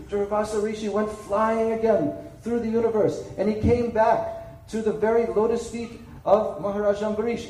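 A man's voice: sits high, warm tone, a little hiss or hum. A man giving a sermon, telling a sacred story dramatically and checking in with listeners. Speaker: spiritual speaker. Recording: echoey room, distant mic, faint ambience.

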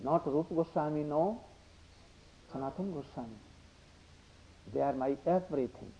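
An older man giving a devotional discourse, halting and repetitive, slipping into Hindi asides. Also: a little high, warm tone, a little hiss or hum. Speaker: religious speaker. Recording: dull lo-fi recording.

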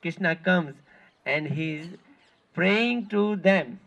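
A man's voice: a little high, slow pace, a bit bright, muffled recording. A man giving an earnest devotional talk as a guide at pilgrimage sites, often repeating himself and searching for words. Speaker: spiritual tour guide.

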